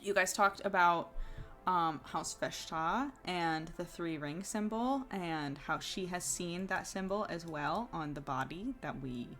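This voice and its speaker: A woman's voice: fairly low pitch, unhurried, fairly bright tone. A woman with a New Jersey accent, chatting casually as a player on a tabletop game stream, rambling with lots of fillers and laughter. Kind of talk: casual chat.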